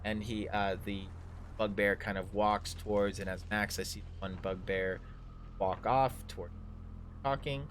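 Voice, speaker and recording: A man narrating a tabletop game livestream as dungeon master, improvising in a halting way. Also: lowish voice, steady tone, slight background noise.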